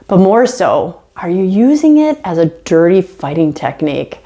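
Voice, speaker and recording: Brief: middle-aged female instructor, conversational lecture video, animated and self-mocking. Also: fairly low pitch, normal speed. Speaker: college instructor.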